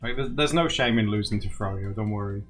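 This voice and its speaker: A man's voice: fairly low pitch, a little fast, fairly bright tone, faint music behind. A man chatting casually on a live stream, giggly and playful. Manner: giggly, playful, bouncing between voices.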